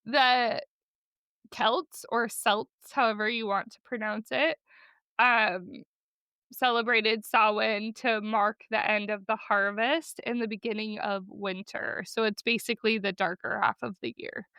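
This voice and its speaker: A woman's voice: fairly high pitch, steady tone, a little slow, sharp tone, clear, resonant tone, dry recording. A woman co-hosting a podcast in casual chat, chatty and enthusiastic, laughing easily. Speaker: podcast co-host.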